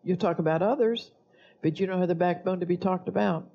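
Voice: mid-range voice, a little fast, vocal fry, muffled recording. A pastor preaching a sermon, blunt and scolding toward the congregation.

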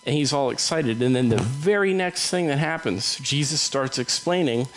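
A man delivering a sermon in a relaxed, conversational manner, at an ordinary middle pitch. He talks the scripture through plainly and briefly voices the people in it. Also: poor audio. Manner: conversational, acts out Bible dialogue in quick voices. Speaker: preacher.

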